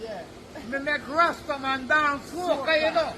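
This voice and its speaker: A man's voice: very high voice, measured pace, crowd noise, noisy background. A man with a Jamaican accent chatting in patois as an interviewee, peppering his talk with "you know".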